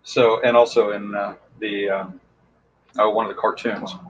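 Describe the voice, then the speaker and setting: A man's voice: lowish voice, flat delivery, measured pace, a bit bright, dull audio, slight background noise. A man who makes costumes and props, talking casually and with enthusiasm about his tools, full of fillers. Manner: enthusiastic, rambling, many fillers. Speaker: costume and prop maker guest. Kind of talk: casual how-to talk.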